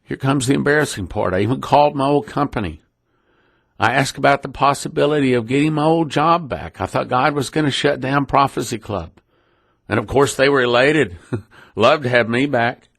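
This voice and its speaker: Earnest middle-aged ministry leader, gravelly, dry close sound, emotional testimony. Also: male voice, medium pitch, moderate pace, fairly bright tone, no echo. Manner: earnest, emotional, repeats himself often. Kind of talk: personal testimony to listeners.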